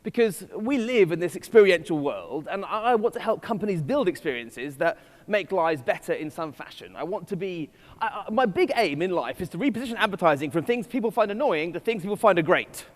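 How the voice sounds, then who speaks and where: A man's voice: high voice, lively intonation, a little fast. A man with an English accent giving a keynote talk to a live audience, playful and self-mocking in his asides. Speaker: conference speaker. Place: festival stage in a large hall. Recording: long reverb of a large hall.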